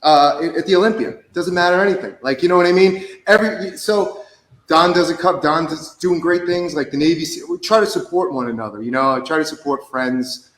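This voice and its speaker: A man's voice: fairly high pitch, a little fast, a bit bright. Candid man chatting in an echoey room. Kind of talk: casual chat.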